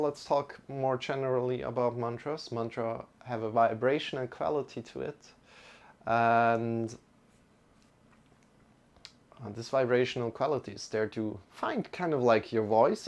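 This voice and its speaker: A man leads a live-streamed yoga session in a calm, gently guiding way. His voice has a gravelly edge at a mid pitch. He greets viewers in the chat as he teaches. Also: moderate pace.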